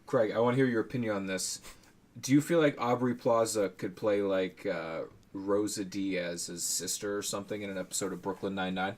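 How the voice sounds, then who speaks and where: A man's voice: fairly low pitch, steady tone, a little fast. A man co-hosting a pop-culture podcast, chatting casually and joking with his friends. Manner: jokey, quotes lines in put-on voices. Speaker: podcast co-host. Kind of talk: casual chat.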